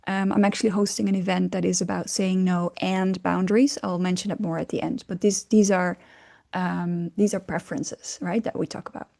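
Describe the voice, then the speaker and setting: A woman's voice: lowish voice, level tone, fairly quick, creaky, dark tone. A woman coaching on communication, explaining casually with fillers, hesitations and frequent little laughs.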